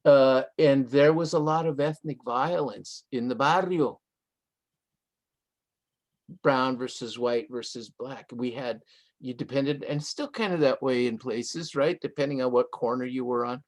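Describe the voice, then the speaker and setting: An older man from Southern California talks as the guest in a live online interview, spinning a story at an easy conversational pace. His voice sits at an ordinary middle pitch, and he drops Spanish phrases into his English as he goes. Short laughs come up between his lines. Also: unhurried. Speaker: guest author.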